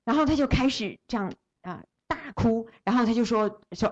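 A woman's voice: a little high, animated, normal speed, highs cut off. A woman interpreting a sermon phrase by phrase, following the preacher closely with small restarts.

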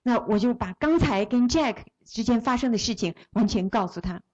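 A woman's voice: on the high side, lively intonation, moderate pace, darkish tone, muffled recording. A woman interpreting a sermon phrase by phrase, following the preacher closely with small restarts.

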